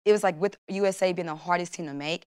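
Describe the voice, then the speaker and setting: Young woman, slightly low voice, casual interview chat, animated storytelling. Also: fast, clean tone. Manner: animated storytelling, acts out her own thoughts in quotes. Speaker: guest, Olympic long jumper.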